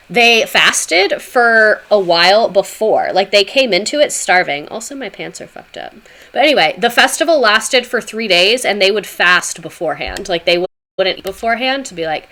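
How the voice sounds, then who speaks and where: A woman's voice: mid-range voice, animated, normal speed, fairly bright tone. A woman livestreaming a casual history talk, chatting with viewers in a sarcastic, chatty way with swearing asides.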